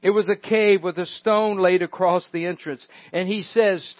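High-voiced preacher, dynamic. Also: male voice, fairly even intonation, normal speed, dry recording. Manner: dynamic, swinging from hushed to loud, with chuckles. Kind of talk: sermon. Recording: dull lo-fi recording.

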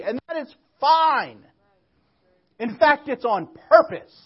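A woman pastor preaching a sermon, telling stories and moving between quiet reflection and emphatic calls to the church. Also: sits high, lively intonation, slow pace, highs cut off.

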